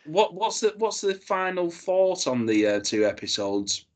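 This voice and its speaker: Jokey, halting podcast man. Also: sits high, very animated. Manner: jokey, halting, full of restarts. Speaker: podcast co-host. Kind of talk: casual review chat.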